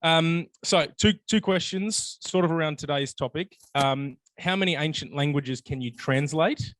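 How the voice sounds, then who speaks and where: A man hosting a city lunchtime meeting, friendly and a little halting, who also reads a Bible passage aloud on a handheld mic. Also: on the high side, fairly bright tone, no echo. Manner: friendly, a bit halting with fillers. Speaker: event host. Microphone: shared handheld mic.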